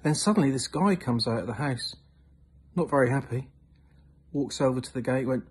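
A man with a husky voice tells a long joke. His pitch sits in the middle range. His delivery is animated, swinging between loud and hushed. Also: moderate pace. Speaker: joke teller.

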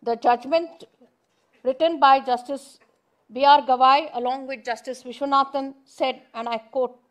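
Middle-aged Indian woman judge, high-pitched, deliberate formal address, reads quotes aloud. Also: steady tone. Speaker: judge giving a speech.

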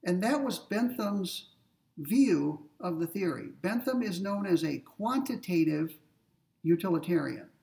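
Guy lecturing on ethics, high voice, bit of gravel, sounds far from the mic. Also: animated, measured pace, a little mellow. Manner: explains step by step with everyday examples, checks in with "okay?" and "right?". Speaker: philosophy lecturer.

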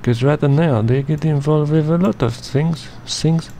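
A man's voice: on the high side, measured pace, dark tone, slight background noise. A man narrating an editing session in a casual, joking way, full of slang and swearing, and rambling as he works. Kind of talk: casual profane screen-recording commentary.

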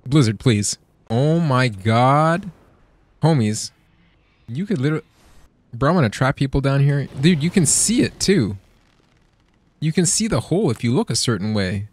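Excitable, foul-mouthed male game streamer. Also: medium pitch, moderate pace, long pauses, breathy edge. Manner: excitable, profane, laughs often. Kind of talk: casual gameplay commentary.

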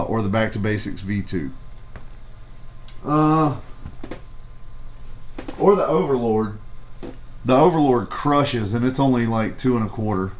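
A medium-pitched man co-hosts a vape review show, chatting casually and telling a rambling, profane story in which he acts out the people he quotes. A little hiss or hum sits under the recording.

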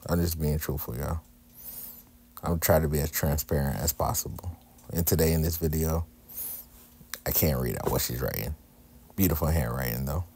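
A man's voice: extremely low pitch, normal speed, vocal fry, pauses often, a little mellow, slight background noise. A man narrating his wife's journaling craft video in a candid, joking, self-deprecating way. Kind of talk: casual voice-over narration.

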